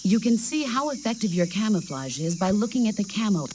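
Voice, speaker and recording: A woman voicing a calm female support officer who explains tactics over the radio in a video game. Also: medium pitch, brisk, slight background noise, natural voice. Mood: instructive. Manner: instructive, steady explanation.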